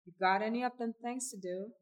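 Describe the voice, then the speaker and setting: A woman's voice: on the high side, steady tone, brisk, recorded from a distance, natural voice. A woman reading aloud, voicing a persistent traveling tinker man with a folksy, coaxing way of talking.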